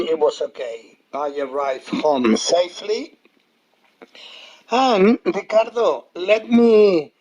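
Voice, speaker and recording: Slow-talking man leaving a message. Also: a little high. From Spain. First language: Spanish. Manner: chatty storyteller with frequent hesitations. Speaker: guest speaker. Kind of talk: casual recorded voice message.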